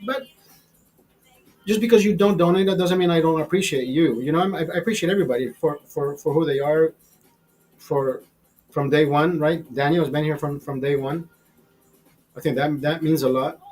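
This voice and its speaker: A husky-voiced man rambles casually to his livestream viewers, swearing freely as he goes. His pitch sits at an ordinary middle level, and faint music plays behind him. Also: moderate pace, long pauses, darkish tone, rough recording. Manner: profane, rambling, chatty. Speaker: livestream host.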